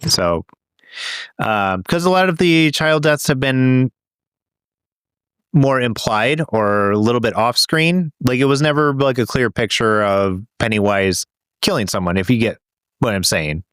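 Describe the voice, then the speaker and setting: A man's voice: medium pitch, animated, unhurried, fairly bright tone, smooth, no echo. A man co-hosting a casual podcast chat, talking in a rambling, hesitant way with many fillers. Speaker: podcast co-host.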